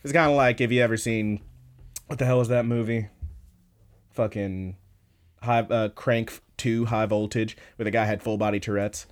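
A man co-hosting a podcast, casually recapping an episode in a profane, animated way, acting out the characters' lines. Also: lowish voice, moderate pace. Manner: profane, animated retelling with quoted voices. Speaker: podcast co-host.

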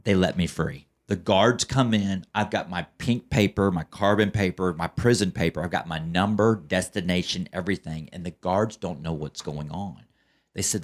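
A man's voice: sits low, moderate pace. A man telling his recovery story as a podcast guest, in a fervent, preacher-like way that keeps checking in with "okay?" and "right?". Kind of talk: testimonial storytelling.

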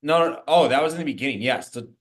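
A man speaking on a casual podcast in a low-key, hesitant manner. His voice sits at a middle pitch, with nothing showy about it. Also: lively intonation, fast talker. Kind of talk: casual chat.

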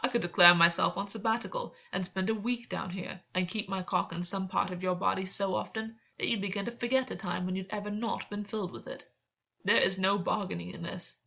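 A cruel, domineering king speaks with cold, possessive menace, as a woman reading an audiobook gives him voice. The pitch sits in an ordinary middle range. The recording is a little muffled and lo-fi. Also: fairly even intonation, fairly quick, gravelly, pushed and bright. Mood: contemptuous.

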